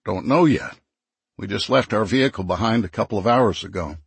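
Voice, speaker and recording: A man voicing a steady, agreeable male traveler in an audiobook, calm and plain-spoken. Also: on the low side, brisk, gravelly, husky, dry recording, exaggerated voice.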